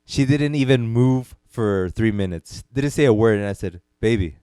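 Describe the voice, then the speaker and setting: A man co-hosting a casual podcast, telling a story in a laid-back way and quoting others in low asides. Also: normal speed, warm tone, smooth, no echo, studio quality. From United States. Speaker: podcast co-host. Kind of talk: casual chat.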